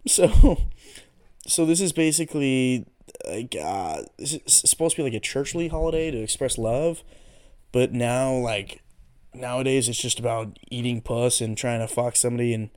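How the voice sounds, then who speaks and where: A man's voice: medium pitch, normal speed, a little mellow. A man hosting a casual solo podcast, rambling through goofy tangents with lots of swearing. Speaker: podcast host.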